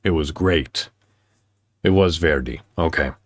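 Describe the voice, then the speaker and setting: Man, very low voice, slow halting delivery, podcast host, dry close sound. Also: no room sound. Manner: halting, many fillers, heartfelt storytelling. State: choked up. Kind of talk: casual chat.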